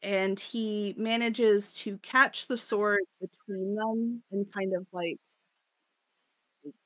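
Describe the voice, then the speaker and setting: A woman's voice: medium pitch, steady tone, slow, fairly bright tone, no room sound. A woman co-hosting a podcast, recapping a story in casual chat, laughing often and rambling with many fillers. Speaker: podcast co-host.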